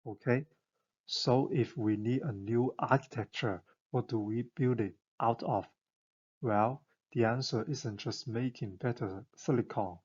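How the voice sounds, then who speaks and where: A man narrates an explainer in an enthusiastic, conversational way, posing rhetorical questions as he goes. His voice is husky and unhurried. The recording sounds a little dull and lo-fi. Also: medium pitch, a little mellow.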